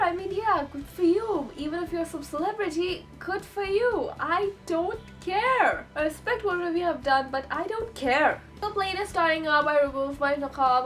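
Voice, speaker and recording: A young woman telling a story in a chatty, excitable vlog, breaking into sudden high squeals. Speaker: vlogger.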